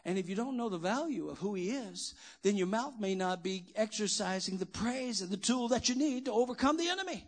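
Brief: male pastor, high voice, rising from quiet to shouted praise. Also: animated, a little fast, few pauses. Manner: preaching with call-and-response questions, swinging from quiet to shouting. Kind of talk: sermon. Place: church.

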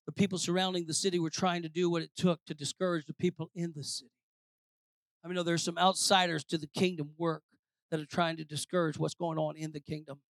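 A pastor preaching a sermon, swinging between shouted declarations and low, quiet asides. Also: male voice, level tone, a little fast, dry recording, studio quality.

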